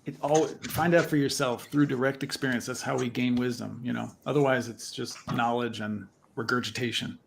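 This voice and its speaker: A man speaking with eager energy, explaining as he goes. His voice is mid-pitched and plain. He talks in a casual chat style. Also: fairly even intonation, a little fast, gravelly, hardly any pauses, noisy background. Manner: enthusiastic, explanatory. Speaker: guest.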